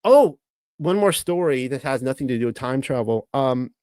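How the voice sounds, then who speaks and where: A man in his thirties with a Californian accent, rambling through a casual monologue as host. He halts, restarts and fills the gaps with "uh" and "um". His voice sits at a middle pitch, recorded close and dry with no room sound. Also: animated, darkish tone, clear, resonant tone, no echo. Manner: rambling, halting, with many restarts and fillers.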